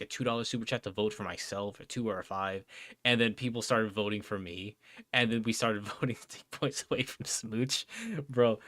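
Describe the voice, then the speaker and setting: Rambling, lower-voiced streamer guy. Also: bright, forceful tone, dry recording, clean studio sound. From New Jersey. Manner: rambling, filler-heavy, says bro and dude a lot. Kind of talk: casual livestream chat reading out chat.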